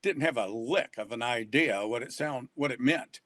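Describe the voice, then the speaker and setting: A man's voice: medium pitch, moderate pace, a bit bright, dry recording. An older man, an author and reading educator, talking in a folksy, rambling way and chuckling often. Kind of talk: casual online talk.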